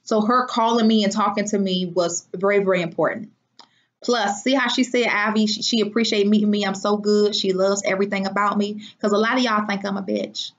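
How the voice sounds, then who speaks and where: A woman's voice: medium pitch, brisk. Rambling woman on a lo-fi livestream. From Washington, D.C. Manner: rambling, animated, folksy slang. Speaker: livestream host. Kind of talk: casual livestream chat. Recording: dull lo-fi sound.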